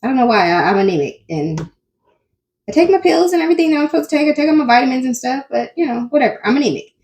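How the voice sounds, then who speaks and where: A woman's voice: sits high, expressive, rapid-fire, a little mellow. A woman hosting a commentary channel, chatting casually and talking straight to her viewers. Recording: echoey room with faint music.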